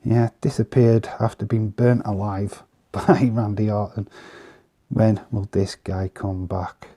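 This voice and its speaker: A man casually commenting on trading cards in an easygoing, chatty way, pausing often with fillers. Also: lowish voice, little pitch movement, warm tone. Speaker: vlogger showing trading cards.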